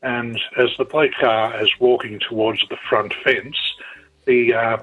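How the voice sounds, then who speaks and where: Australian phone-in caller, husky, halting and rambling, phone-line sound. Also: male voice, mid-range voice, fairly even intonation. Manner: rambling, halting with many fillers. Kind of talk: telling a joke on air.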